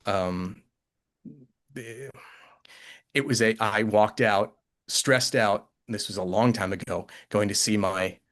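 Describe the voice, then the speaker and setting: A man's voice: on the low side, a bit bright. A man telling a personal story in casual talk, rambling and acting out the voices of people he quotes. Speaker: podcast guest, author.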